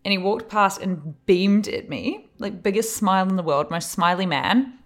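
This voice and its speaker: A woman in her late twenties co-hosting a podcast, telling lively anecdotes and acting out what people said, swearing freely. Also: mid-range voice, moderate pace. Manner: animated storyteller, acts out quotes, swears freely. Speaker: podcast co-host. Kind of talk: casual chat.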